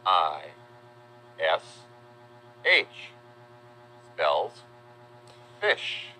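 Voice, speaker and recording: A man narrating a children's educational video, spelling out words letter by letter in a friendly, deliberate way. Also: sits low, huge pitch swings, bright, forceful tone, a little hiss or hum. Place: voice-over.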